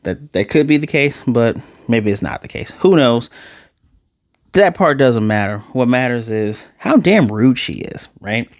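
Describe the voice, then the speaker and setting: A man casually reviewing an anime episode in a sarcastic, animated way, his voice jumping high for emphasis. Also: unhurried, dry recording, clean studio sound.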